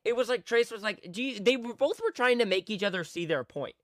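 A man with a high, bright voice, chatting casually as a podcast co-host. He chimes in with quick remarks, and the sound is close and dry. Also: animated, dry recording.

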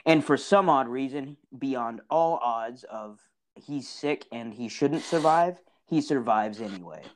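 A man's voice: mid-range voice, lively intonation, unhurried. A man co-hosting a casual podcast, rambling through a story and acting out lines. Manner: rambling, acts out characters mid-story. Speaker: podcast co-host. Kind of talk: casual chat.

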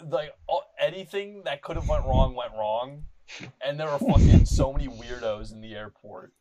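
A man's voice: medium pitch, normal speed, low-quality recording. Young man telling a profane travel rant. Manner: animated, profane, rambling with fillers. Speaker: podcast host. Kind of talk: casual storytelling chat.

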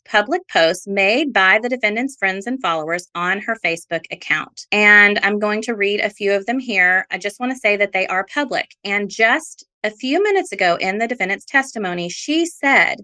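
Reading trial testimony and social media posts aloud, a woman hosts a podcast about her own court case. Her medium-pitched voice stays measured and even.

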